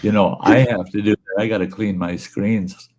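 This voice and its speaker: A man's voice: fairly low pitch, steady tone, normal speed, a little mellow. A man hosting a livestream, chatting casually and telling folksy, rambling stories, with easy laughter and casual swearing. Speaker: livestream host. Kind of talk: casual chat and storytelling. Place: room at home where he smokes.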